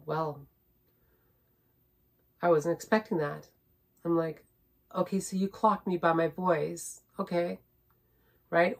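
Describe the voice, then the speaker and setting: A woman vlogger telling a personal story in a rambling, repetitive way, often adding "right?" and growing indignant as she stresses her points. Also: on the low side. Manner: indignant, building emphasis.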